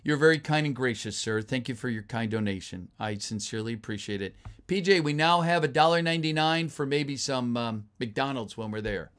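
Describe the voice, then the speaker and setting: A man hosting a casual live stream, chatting with viewers, thanking them and answering their messages with plenty of fillers and sudden excited outbursts. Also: mid-range voice, a little fast, smooth. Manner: chatty and grateful, with frequent fillers and bursts of excited exclamations.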